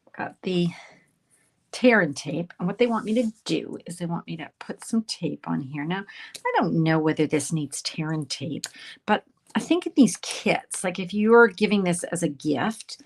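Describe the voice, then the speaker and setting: Chatty woman demonstrating crafts, lower voice. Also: animated, measured pace. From Canada. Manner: chatty, self-deprecating, talks to viewers while working. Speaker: card-making instructor. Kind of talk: casual crafting tutorial.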